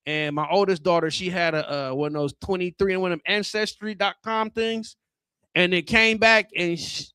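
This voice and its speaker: A thirtysomething man rambles through a loose, foul-mouthed stand-up set on a club stage, speaking into a handheld mic and erupting in sudden loud bursts. His voice is high, and the recording is dry.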